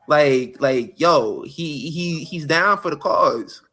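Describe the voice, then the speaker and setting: Animated man retelling wrestling segments. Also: a little high, slow pace, hardly any pauses. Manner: animated storytelling, acting out quotes with slang. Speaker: podcast co-host. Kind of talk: casual wrestling chat.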